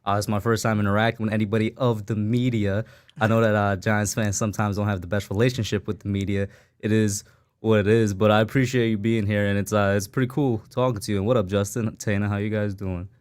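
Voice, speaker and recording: A man's voice: lowish voice, little pitch movement, fast talker, clean tone. A man who makes fan videos on YouTube, chatting in a friendly way with easygoing slang. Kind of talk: casual stream chat.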